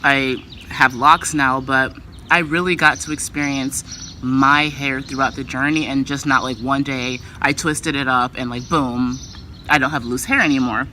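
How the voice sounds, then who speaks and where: A woman's voice: very deep voice, fairly even intonation, normal speed, sharp tone, a little hiss or hum. A woman vlogger talking in a casual, loose way, full of filler words. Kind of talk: casual vlog chat.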